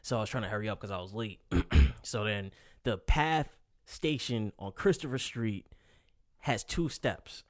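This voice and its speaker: A man's voice: on the low side, a little slow, no room sound. Laid-back man with a dry studio sound. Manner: laid-back, dry remarks, laughs often. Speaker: podcast co-host. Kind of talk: casual chat. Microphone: studio microphone.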